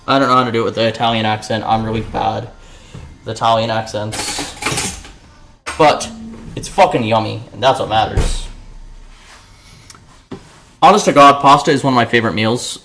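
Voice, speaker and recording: A man livestreams himself cooking in his home kitchen, chatting with viewers in a playful, profane, casual way. His voice is lowish, pushed, and bright.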